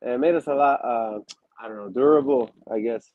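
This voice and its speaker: A man's voice: mid-range voice, fairly quick, no echo, phone-quality sound. A man in a casual interview, telling stories with many restarts and fillers and acting out quotes. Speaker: wrestler guest.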